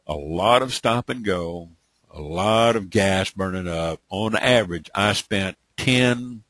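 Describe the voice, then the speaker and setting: A deep, husky-voiced middle-aged man, running a live online training. He coaxes his listeners, calls out to them, and keeps checking in with "okay?" and "all right?". His voice is close and dry, with no room sound around it. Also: a bit bright, no echo. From Atlanta, Georgia, USA. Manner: coaxing, repeatedly calls on listeners, ends points with "okay?". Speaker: webinar trainer.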